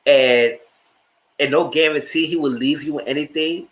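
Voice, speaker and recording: A man hosting a live show, giving animated, opinionated commentary on reality TV and talking straight to his viewers. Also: a little high, moderate pace. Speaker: host reviewing reality TV.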